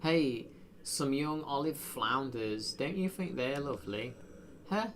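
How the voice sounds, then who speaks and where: A man's voice: medium pitch, expressive, slow pace, a bit bright, slight background noise. Rambling man streaming a game. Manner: rambling, self-deprecating, frequent fillers. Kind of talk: casual gameplay live stream.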